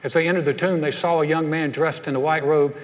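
A man's voice: fairly high pitch, fairly even intonation, fast. A man from North Carolina preaching a sermon, telling stories in a folksy way and acting out the voices of the people in them. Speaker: pastor. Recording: long reverb of a large hall.

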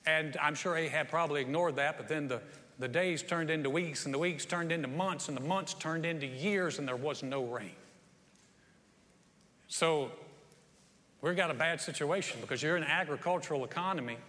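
A man's voice: a little high, moderate pace, sharp tone. A man preaching a sermon, telling a Bible story in a folksy way and acting out the quotes with rising energy. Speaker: pastor. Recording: long hall reverb.

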